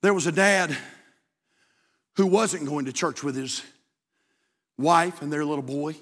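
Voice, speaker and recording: A man preaching a sermon in a church, shouting at the peaks and dropping to a hushed voice for stories. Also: a little high, measured pace. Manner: impassioned, builds to shouts, then drops to a hushed storytelling voice. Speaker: pastor. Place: church sanctuary. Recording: long hall reverb.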